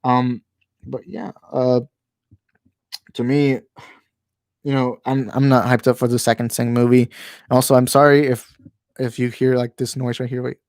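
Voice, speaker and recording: At home, a channel host runs a casual live-stream chat into a handheld microphone that he brings closer as he talks. His medium-pitched, darkish voice is unhurried and fairly monotone with frequent pauses, and there's no echo. He rambles, trips over words, restarts a lot and keeps apologizing for his opinions.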